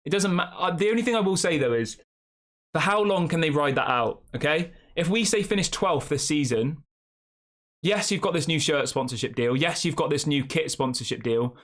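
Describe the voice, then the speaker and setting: A man's voice: on the high side, expressive, moderate pace, fairly bright tone. A man hosting a fan channel live stream, rambling casually and reacting to the chat with rhetorical questions.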